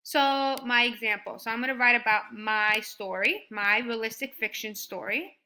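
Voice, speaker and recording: A woman teaching a first grade writing lesson, sounding out words slowly and praising her students. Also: a little high. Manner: slow and deliberate, sounding out words; encouraging, animated when praising.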